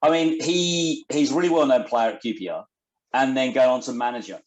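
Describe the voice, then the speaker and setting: A man's voice: mid-range voice, fairly quick. A man hosting a podcast, asking long, meandering questions and rephrasing them as he goes. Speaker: podcast host. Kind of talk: casual interview questions.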